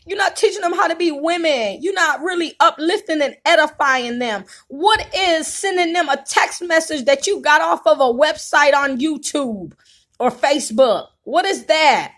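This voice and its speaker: Tearful, impassioned high-voiced woman vlogger. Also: moderate pace, a bit bright. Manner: impassioned, tearful, preacher-like cadence. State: crying at times. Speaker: YouTube vlogger. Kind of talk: emotional venting monologue.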